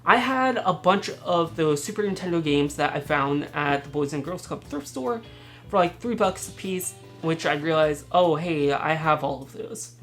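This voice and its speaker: Low-voiced woman in a chatty haul vlog. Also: animated, normal speed, fairly bright tone, soft background music. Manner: chatty and rambling, laughs often, restarts words. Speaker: channel host showing thrift finds.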